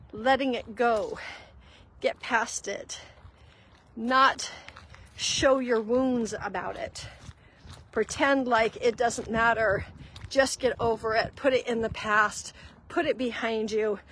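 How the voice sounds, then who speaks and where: A woman's voice: on the high side, takes it slowly, long pauses, fairly bright tone, slight background noise, low-quality recording. A woman hosting a faith-based walk-and-talk, teaching in an earnest, conversational way while walking outdoors. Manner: earnest and conversational, addresses listeners as guys. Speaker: host giving spiritual guidance.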